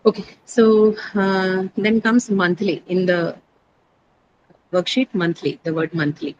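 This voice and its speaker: Woman English teacher, online class; methodical, question-and-answer delivery, repeats key words, steady hiss behind. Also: medium pitch, slow, muffled recording. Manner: explains step by step, asks questions then answers them. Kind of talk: online pronunciation lesson. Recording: steady background noise.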